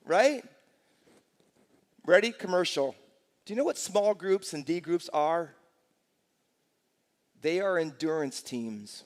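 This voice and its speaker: Older male pastor, sixties, fairly high voice, lively storytelling sermon, long church reverb. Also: slow, long pauses. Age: 60s. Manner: energetic storytelling with rhetorical questions. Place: church sanctuary.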